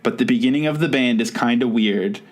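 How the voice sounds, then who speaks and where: Man, podcast host, casual chat, rambling, self-amused, mid pitch. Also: brisk.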